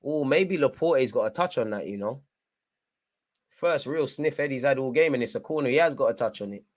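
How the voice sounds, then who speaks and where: In a brisk, mid-range voice, a young man reacts live to a football match as an excitable fan. He spurs the players on, swinging back and forth between frustration and hype.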